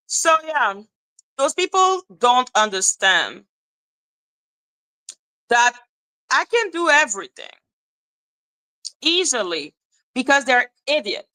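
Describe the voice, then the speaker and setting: Profane, ranting woman with a bright voice. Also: high-pitched, sing-song, slow, long pauses, low-quality recording. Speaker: livestream commentator. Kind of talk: casual livestream rant.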